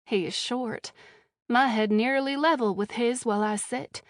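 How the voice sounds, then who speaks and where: A woman narrating a first-person audiobook with a wry, measured delivery, recorded close in a studio booth. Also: a little high, dry recording.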